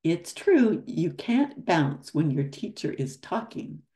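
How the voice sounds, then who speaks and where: Grandma reading as a cheery little boy in a storybook, low gravelly voice, slow and warm. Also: very animated, full character voice. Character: cheerful young boy leading playtime.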